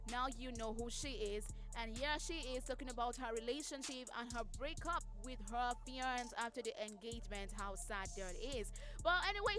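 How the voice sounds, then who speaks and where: Woman, radio host, chatty entertainment gossip, higher voice, faint music bed. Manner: chatty, reacts openly to the news. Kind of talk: casual entertainment news chat. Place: radio studio.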